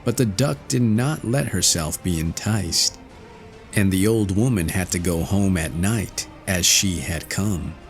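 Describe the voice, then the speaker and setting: A man narrating a fairy tale in a slow, expressive storytelling manner. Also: soft background music. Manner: slow, expressive storytelling with wide pitch swings. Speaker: audiobook narrator.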